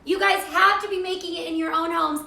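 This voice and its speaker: Middle-aged woman host, chatty cooking livestream, high bright voice with some fry, echoey kitchen. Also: fairly even intonation, brisk. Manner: chatty, gushing, reads viewer comments. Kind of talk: live cooking stream chat.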